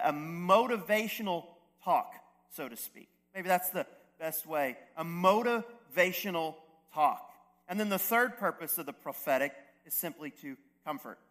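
A man's voice: on the high side, fairly bright tone. A man preaching a sermon as a pastor, conversational, with restarts and asides to the congregation.

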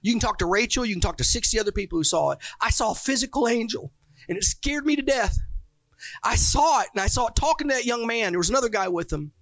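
A man's voice: high voice, animated, quick pace, a bit bright, no room sound. A man preaching a sermon, telling his own stories with fervent emotion. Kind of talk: testimonial sermon. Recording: dull, dry lo-fi recording.

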